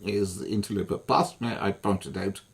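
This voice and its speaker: A man's voice: fairly low pitch, fairly even intonation, moderate pace, gravelly, husky. A man delivering an angry, swearing monologue as an online commentator, furious and repetitive.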